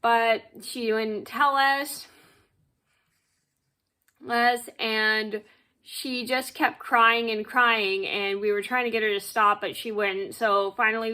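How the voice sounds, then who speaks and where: Bright-voiced young woman rambling a storytime. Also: mid-range voice. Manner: rambling and repetitive, fills gaps with blah blah. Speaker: vlogger telling a work story. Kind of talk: casual storytime.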